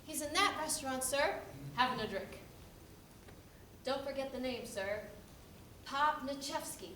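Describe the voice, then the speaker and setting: A scheming, wheedling male con man who haggles theatrically, played by a woman in a stage play. The high voice is picked up from far off. A noisy, echoey hall surrounds it. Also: expressive, measured pace, bright, forceful tone, full character voice. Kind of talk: amateur stage acting.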